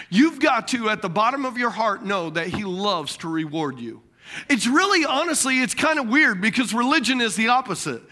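A man preaching a sermon, asking the congregation questions, repeating key words and swinging between loud bursts and quiet lines. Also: high voice. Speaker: pastor.

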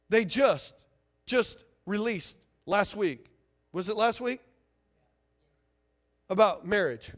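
A man preaching a sermon as pastor, emphatic and fiery, firing rhetorical questions at his congregation. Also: very high-pitched.

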